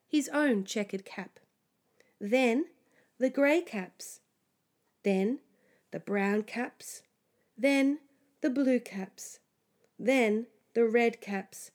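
A woman reading a children's story aloud, slowly and expressively, dropping to a hush at times. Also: a little high. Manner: slow, expressive, sometimes hushed.

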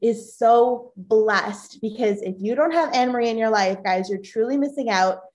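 A woman's voice: on the high side, normal speed, a little mellow. A woman lawyer guesting on a podcast, emotional and grateful at first, then explaining business law plainly. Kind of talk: casual podcast interview.

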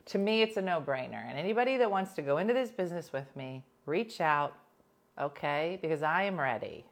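Middle-aged lady w a philly on morning radio, kinda low voice, chatty, lots of "like". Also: a little fast. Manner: chatty, animated, peppered with "like" and laughs. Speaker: morning show host and comedian. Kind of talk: casual chat, storytelling.

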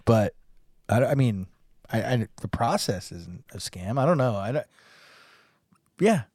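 A man co-hosting a podcast in casual chat, rambling with lots of halting restarts. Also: medium pitch, big pitch swings, a little mellow, dry recording, studio quality. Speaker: podcast co-host.

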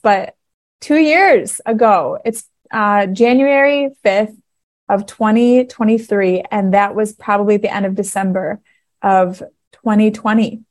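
A woman's voice: medium pitch, darkish tone. A woman in her thirties hosting her own faith podcast, telling her story in a casual, earnest way and getting emotional as she talks. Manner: emotional, earnest, laughing through tears. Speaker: podcast host.

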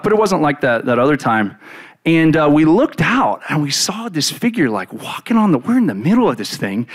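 Animated man retelling a Bible story. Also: on the high side. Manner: animated, casual, full of "like" fillers.

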